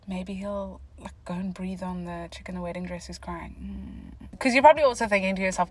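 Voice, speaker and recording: A young South African woman telling a story from her car, casual and animated, jumping between whispers and loud exclamations. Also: lowish voice, fairly quick, slight background noise, low-quality recording. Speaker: vlogger. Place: parked car.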